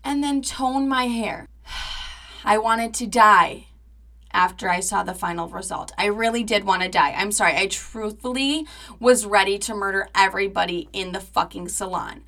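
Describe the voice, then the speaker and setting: A woman's voice: mid-range voice, moderate pace, bright, forceful tone. A young woman in her twenties hosting a podcast, telling a personal story in a chatty, dramatic way, full of "like" and swearing. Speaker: podcast host. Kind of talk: casual storytelling monologue.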